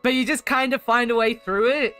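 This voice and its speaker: A woman's voice: on the high side, steady tone, brisk, sharp tone, faint music behind. A woman streaming a game, chatting with viewers, laughing and reading chat aloud. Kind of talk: casual chat while playing a game.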